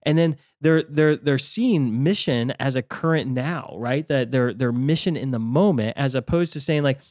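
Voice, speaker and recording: A man's voice: mid-range voice, moderate pace, darkish tone, no echo. Reflective man sharing faith thoughts. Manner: reflective, many fillers and restarts. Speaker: podcast co-host, ministry leader. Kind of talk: casual faith discussion.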